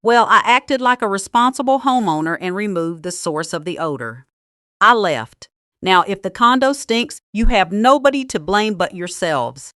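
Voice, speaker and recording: Woman narrator, first-person story, calm and deliberate with a cutting edge; medium pitch, dry sound. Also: no room sound.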